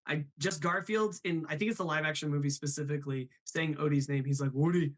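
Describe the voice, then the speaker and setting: A man's voice: on the high side, fairly even intonation, quick pace, poor audio. A man hosting a live stream, chatting upbeat and reading viewer comments aloud. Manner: upbeat, laughs often, reads chat aloud. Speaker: host.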